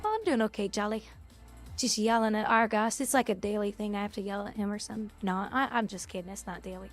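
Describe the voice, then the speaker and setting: A woman's voice: mid-range voice, fast, soft background music. A woman game streamer talking casually to her chat, bluntly scolding viewers and swearing now and then.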